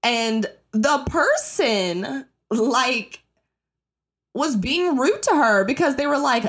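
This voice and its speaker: A young woman hosting her own podcast, ranting casually and bluntly with lots of swearing, jumping into high mock-outraged bursts. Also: slow pace. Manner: blunt, profane, animated, breaks into high-pitched mock outrage. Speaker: podcast host. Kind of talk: casual solo rant.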